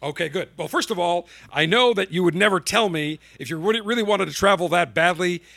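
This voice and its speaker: A man's voice: high-pitched, fairly quick, vocal fry, sharp tone, no echo. A man hosting a talk radio show, delivering an opinionated monologue in a combative, sarcastic, mocking way.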